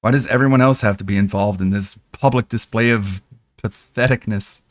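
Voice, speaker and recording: A man's voice: lowish voice, normal speed, dry recording, studio quality. A man streaming reaction commentary, mocking another streamer with sarcastic, profane impressions.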